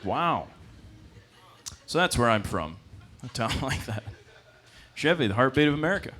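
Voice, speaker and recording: Animated young man doing stand-up. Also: moderate pace. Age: 20s. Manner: deadpan storytelling with sudden high-pitched character voices and chuckles. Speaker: stand-up comedian. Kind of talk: stand-up comedy set. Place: comedy club stage.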